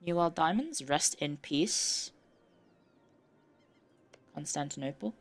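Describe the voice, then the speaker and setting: A woman's voice: sits low, animated, takes it slowly, soft background music. A woman streamer giving casual, chatty commentary while playing a strategy game, muttering to herself and swearing now and then.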